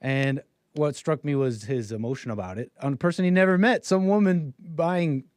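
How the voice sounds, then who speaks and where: A man's voice: fairly high pitch, moderate pace, darkish tone, no room sound. A young man hosting a livestream, telling a casual, rambling story in a wry way and slipping into voices when he quotes people. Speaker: livestream host.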